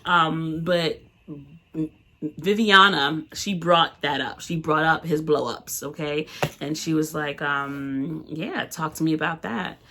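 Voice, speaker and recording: A young woman with a low voice co-hosts a relaxed chat. She talks in a loose, chatty way, full of fillers, and laughs often. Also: slow, a little hiss or hum. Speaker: co-host. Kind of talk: casual chat.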